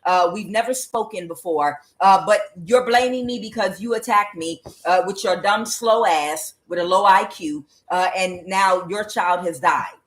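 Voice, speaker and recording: A woman reads tarot cards in a heated, cursing monologue. She mocks and scolds the people she means, with lots of "uh" between phrases. Her voice sits at an ordinary middle pitch for a woman. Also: measured pace, hardly any pauses. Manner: angry, profane, mocking, with many fillers. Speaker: tarot reader. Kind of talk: ranting tarot reading monologue.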